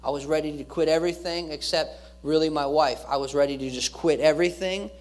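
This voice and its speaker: A man's voice: on the high side, fairly even intonation, a little fast. A male pastor giving an earnest sermon, repeating key phrases and restarting his words as he preaches.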